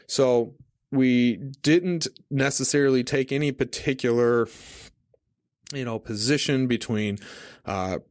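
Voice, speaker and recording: A man hosting a casual teaching podcast, talking in a relaxed, conversational way with many fillers, at a studio mic on a stand. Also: mid-range voice, slow, no room sound. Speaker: podcast host. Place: home studio at a desk.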